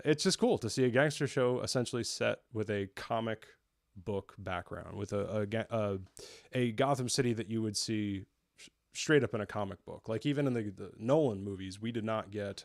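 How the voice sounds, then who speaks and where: A man's voice: lowish voice, gravelly, no echo, studio quality. A young man from the New area, chatting casually and enthusiastically as a show reviewer, often restarting his sentences. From New York area. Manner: rambling, self-correcting, enthusiastic.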